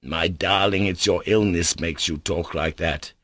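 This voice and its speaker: A man's voice: low voice, steady tone, a little slow, fairly bright tone, no room sound, clean studio sound. A man voicing a loving mother who weeps over her sick son. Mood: worried, tender.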